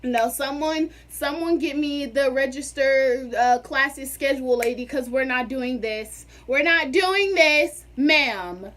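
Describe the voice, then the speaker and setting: A young woman vlogger telling a storytime in a sassy, animated, dramatic way. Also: high voice, slow, few pauses. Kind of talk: casual storytime.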